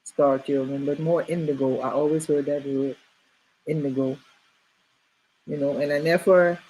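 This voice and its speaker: A woman's voice: deep voice, fairly even intonation, normal speed, dark tone, breathy edge, poor audio. A middle-aged woman hosting a casual group chat, rambling with many fillers and restarts.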